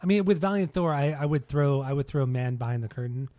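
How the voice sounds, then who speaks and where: A man's voice: mid-range voice, quick pace, dark tone. A man co-hosting a podcast, chatting casually about music with enthusiasm, swearing often and restarting his words. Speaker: podcast co-host.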